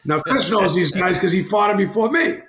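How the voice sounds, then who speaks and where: A man's voice: high voice, expressive, brisk, fairly bright tone. A man in his sixties, a former hockey player, rambling animatedly and correcting himself as he tells a podcast story. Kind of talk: casual storytelling. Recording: roomy echo.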